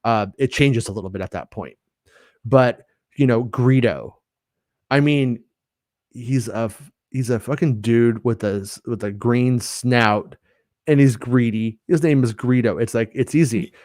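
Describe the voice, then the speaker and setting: A man's voice: medium pitch, a little slow, a little mellow, no room sound. Male podcast host, loose rambling chat full of restarts, dry close mic. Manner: rambling, many restarts and fillers. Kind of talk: casual chat.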